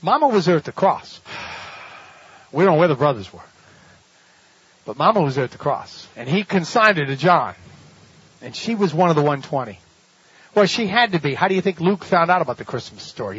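A man's voice: fairly high pitch, animated, fairly quick, long pauses, fairly bright tone, breathy edge, highs cut off. A man preaching a sermon, telling a story dramatically with laughs and rhetorical questions. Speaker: pastor.

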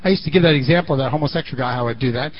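A man preaching a sermon in an animated way, swinging between loud and quiet, on a muffled lo-fi recording. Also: mid-range voice, rapid-fire.

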